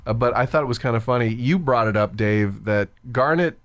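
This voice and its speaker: A man, co-hosting a voice-over podcast in a chatty, storytelling way. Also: medium pitch. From Canada. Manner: chatty storyteller, quick bursts, laughs easily. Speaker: podcast co-host, voice actor. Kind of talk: casual chat.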